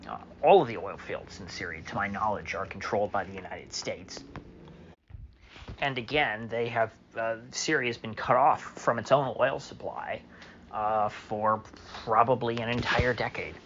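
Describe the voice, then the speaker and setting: A man's voice: fairly low pitch, a little slow, fairly bright tone, highs cut off, slight background noise. A man delivering a solo opinion monologue as a political commentator, sarcastic and mocking, with many fillers.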